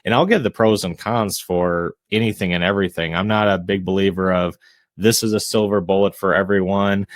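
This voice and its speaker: A fairly low-pitched man speaks as a guest on a casual podcast, explaining things in a calm, measured way. He sounds like a self-described introvert and fills his pauses with "you know." The sound is dry and close, with no room echo. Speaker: real estate investor and realtor guest. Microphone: podcast microphone.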